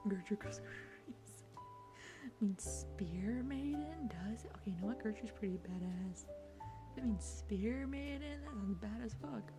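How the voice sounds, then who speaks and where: A woman with an American accent, chatting with viewers in an ASMR stream, soft-spoken and partly whispered. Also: mid-range voice, animated, measured pace. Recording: music playing behind.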